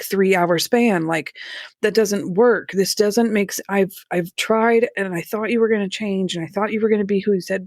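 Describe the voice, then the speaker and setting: A woman telling her own story as a podcast guest, candid and halting, with nervous laughs. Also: mid-range voice, no echo, studio quality. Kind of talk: personal story in a podcast interview.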